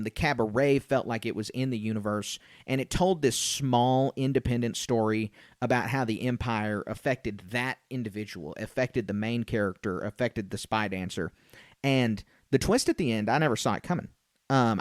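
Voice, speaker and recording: A man's voice: on the low side, dry recording, studio quality. A young man co-hosting a casual podcast review chat, rambling with frequent fillers and restarts. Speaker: podcast co-host.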